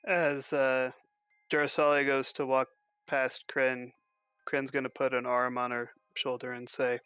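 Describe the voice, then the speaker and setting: Male player, monotone and crisp, dry mic from a distance. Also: mid-range voice, unhurried, dry recording, soft background music. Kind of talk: playing a character in a tabletop game.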